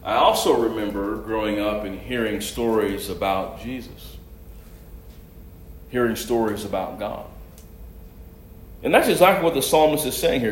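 A man preaching a sermon and reading scripture aloud, swinging from loud, raised passages to soft asides. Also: lowish voice, normal speed, pauses often. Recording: echoey room.

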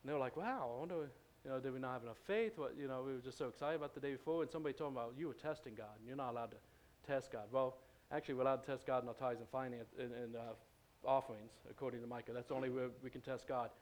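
A man's voice: medium pitch, racing, darkish tone. A man preaching in a church, telling a story in a loose, conversational way, with many fillers and restarts. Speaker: pastor. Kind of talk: storytelling sermon.

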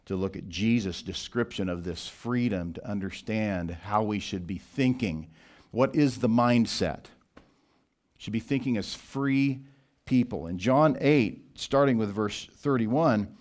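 A pastor giving an expository sermon in a deliberate teaching manner, slowing down to read scripture. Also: male voice, fairly low pitch, darkish tone.

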